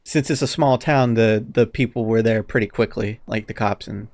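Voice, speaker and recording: In casual podcast banter, a male co-host animatedly spins a story full of swearing and acted-out quotes. His voice is lowish, at normal speed, with no room sound.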